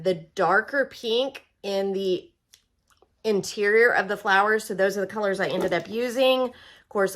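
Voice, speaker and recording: Chatting through a casual how-to, an Oklahoma woman demonstrates a product in a mid-range, fairly bright voice. Her manner is folksy and chatty, and she talks directly to viewers as friends.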